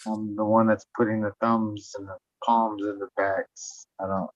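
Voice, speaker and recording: A man's voice: on the low side, little pitch movement, unhurried, no echo. A man telling a rambling story in casual chat, swearing often and laughing as he talks. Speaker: podcast guest. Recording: dull lo-fi sound.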